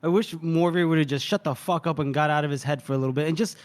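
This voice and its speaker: A man's voice: on the high side, steady tone, fast talker. Laughing man retelling a book chapter. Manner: laughing, swearing, acts out characters while retelling. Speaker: podcast co-host. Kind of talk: casual book discussion.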